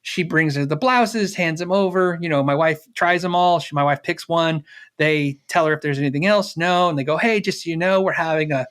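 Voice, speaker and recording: A man's voice: on the high side, fairly quick, a bit bright, clear, resonant tone. A middle-aged man, a guest on an interview, telling a personal story casually, acting out the dialogue with fillers and laughs.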